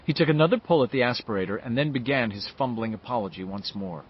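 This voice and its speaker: A man narrating a novel in an expressive storytelling manner. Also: medium pitch, quick pace, husky, muffled recording. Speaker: audiobook narrator. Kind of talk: scripted narration.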